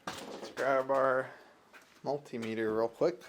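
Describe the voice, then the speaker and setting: A man's voice: medium pitch, steady tone, slow pace. A young man casually thinking aloud as he works on his car, narrating for his vlog. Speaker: car vlogger. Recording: loud car engine noise behind.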